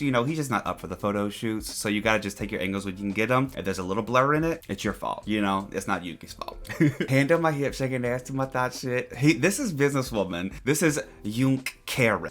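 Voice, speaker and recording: A young man giving casual, playful commentary on photos, gushing with jokey asides. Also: mid-range voice. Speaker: YouTube commentary host.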